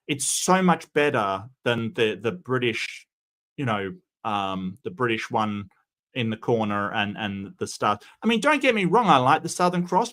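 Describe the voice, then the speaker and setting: A man's voice: medium pitch, fairly bright tone. A man chatting casually on a livestream, reading and answering chat, rambling with many restarts and fillers while giving strong opinions.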